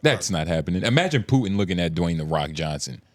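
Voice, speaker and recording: A man's voice: deep voice, big pitch swings, fast talker, no echo, clean studio sound. A man co-hosting a podcast, talking in rambling, profane casual banter. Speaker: podcast co-host. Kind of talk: casual chat.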